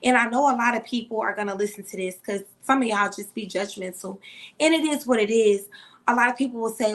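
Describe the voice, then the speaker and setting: A woman's voice: fairly high pitch, a little fast. A woman co-hosting a podcast, talking candidly and emphatically about her own experience in casual chat. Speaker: podcast co-host.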